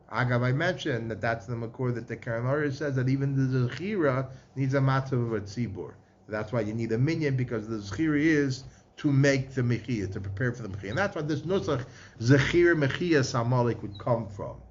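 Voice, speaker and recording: A man's voice: mid-range voice, brisk. A man in giving a Torah lecture, chanting verses and weaving Hebrew terms into his talk. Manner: mixes Hebrew and Yiddish-inflected terms into English, chanting verses. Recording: slightly muffled with faint background noise.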